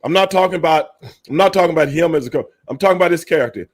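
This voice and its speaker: A man's voice: a little high, rapid-fire. Emphatic, profane man on a podcast. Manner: emphatic, profane, repeats points. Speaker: podcast co-host. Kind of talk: casual podcast debate.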